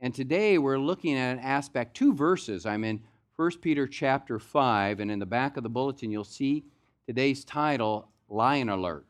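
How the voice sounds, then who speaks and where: A man's voice: mid-range voice, animated, moderate pace. A man preaching a sermon as pastor, in a loose, conversational storytelling way. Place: church sanctuary.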